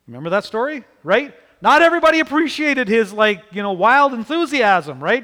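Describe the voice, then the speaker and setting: A man preaching a sermon, telling the story in an animated way and acting out the people in it. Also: extremely high pitch, a little fast, few pauses, in a large hall. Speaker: pastor.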